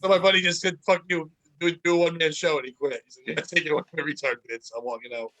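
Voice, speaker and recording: Male comic co-host, bright tone, storytelling banter. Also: on the high side, steady tone, a little hiss or hum. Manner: joking, storytelling, quick banter. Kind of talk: casual comedy chat.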